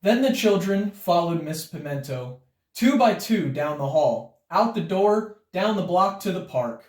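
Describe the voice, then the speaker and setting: Male storybook reader, lively and expressive, roomy distant recording. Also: high voice, a little slow. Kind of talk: read-aloud children's story.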